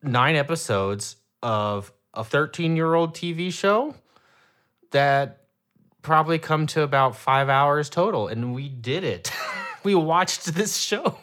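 A young man co-hosting a podcast in casual chat, enthusiastic and quick to laugh. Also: on the high side, animated, fairly bright tone. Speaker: podcast co-host.

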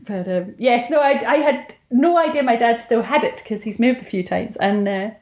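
A woman's voice: a little high, moderate pace, darkish tone. Chatty self-deprecating woman, roomy sound. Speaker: interview guest, novelist. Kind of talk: casual chat. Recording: roomy echo.

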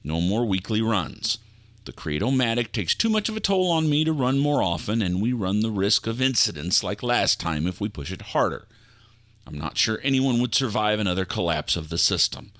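A theatrical host leads listeners in a low, showman's voice. His tone is bright and pointed, and his pitch swings widely for effect. The recording is close and completely dry. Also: sing-song, normal speed, no room sound. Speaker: host and narrator of an audio fiction show. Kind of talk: theatrical spooky host narration.

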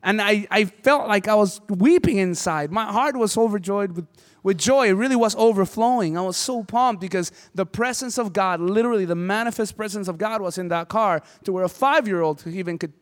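A man's voice: high-pitched, brisk. A man preaching a sermon as pastor, impassioned and conversational. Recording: hall reverb.

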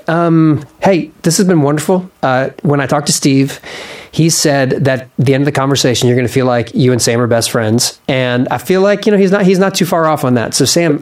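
A man who hosts a podcast and serves as a church pastor, speaking in a casual interview style with short, affirming replies. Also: mid-range voice.

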